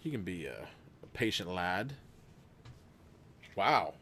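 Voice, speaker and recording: A young man hosts a live gamebook, narrating aloud while chat votes on choices, chatting casually, laughing a lot, and swearing at times. His voice sits low and sing-song, with a slow pace and a sharp tone. There's a little hiss or hum.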